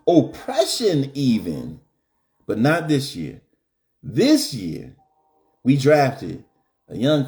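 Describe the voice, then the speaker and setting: Animated man hosting a live stream. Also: lowish voice. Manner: animated, joking, slangy. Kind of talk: casual chat.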